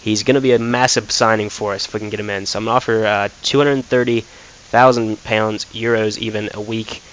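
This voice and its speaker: A man's voice: fairly low pitch, steady tone, brisk, fairly bright tone, slight background noise, low-quality recording. An American man giving casual commentary over a football career-mode game, thinking aloud with frequent fillers. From United States. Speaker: gaming YouTuber.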